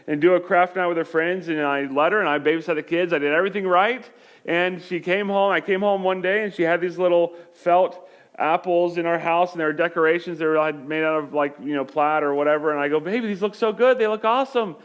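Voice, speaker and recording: A man's voice: fairly high pitch, level tone, a little fast, clear, resonant tone, lo-fi sound. A male pastor in his thirties giving a conversational sermon, telling humorous stories.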